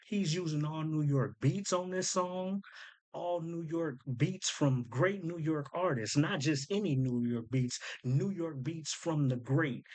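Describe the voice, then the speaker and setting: A man's voice: on the high side, a little mellow, rough recording. A man hosting a casual commentary, eagerly explaining and pointing out details as he goes. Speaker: host breaking down rap lyrics.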